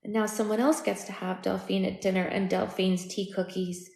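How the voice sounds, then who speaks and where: A wistful, self-conscious grown woman who hesitates and catches herself, voiced by a woman reading aloud. Her voice sits fairly high. It sounds in an echoey room. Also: animated, measured pace, a little mellow. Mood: petulant. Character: wistful grown woman, hurt by sister's leaving.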